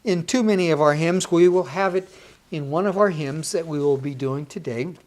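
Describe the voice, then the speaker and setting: A woman's voice: deep voice, a little fast, darkish tone. A woman teaching a music lesson on rhythm, counting beats aloud in a patient, encouraging, plainspoken way.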